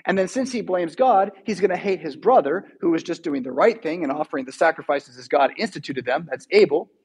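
A man's voice: on the high side, brisk, darkish tone, breathy edge. A man preaching a sermon in a church, telling stories in a casual, conversational way. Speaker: pastor.

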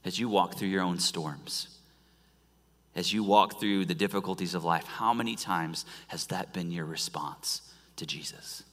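A deep-voiced pastor gives a measured sermon inside a church sanctuary, his bright, forceful delivery dropping often from booming emphasis to almost a whisper. Long reverb from the hall trails his voice.

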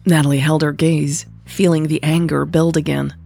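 A woman narrating a romance story with calm, even delivery. Her voice sits low and has a husky grain. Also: normal speed. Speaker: podcast host and author.

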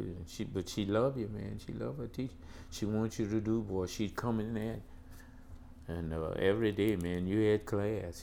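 An older man from the South, recounting school memories as an animated storyteller who keeps saying "boy" and "man". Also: fairly low pitch, creaky, a little hiss or hum. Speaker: interviewee recalling school days. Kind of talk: casual storytelling interview.

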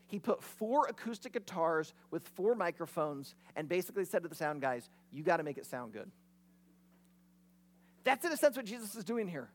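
A pastor preaching a sermon in a conversational, storytelling way. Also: medium pitch.

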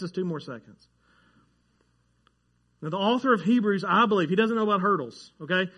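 A pastor delivers his sermon with a fairly high-pitched voice. He speaks in a loose, conversational way and jokes with his congregation. He gets worked up when a fact surprises him. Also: expressive, fairly quick, pauses often, bright, forceful tone, husky. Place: church sanctuary.

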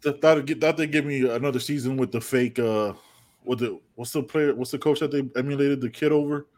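A man's voice: mid-range voice, a little fast, darkish tone. Rambling, profane American podcast guy. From United States. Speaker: podcast co-host. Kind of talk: casual sports chat.

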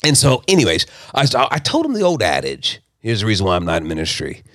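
A man from South Texas, telling his personal story as a podcast guest in an emphatic, animated way. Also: fairly low pitch, fast, no echo, clean studio sound.

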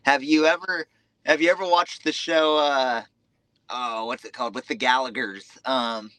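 A man's voice: mid-range voice, fairly even intonation, normal speed, bright, forceful tone, dry recording. A man, a dirt bike racer talking frankly and easily as a podcast guest. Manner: easygoing, frank, casual filler words. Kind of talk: casual chat.

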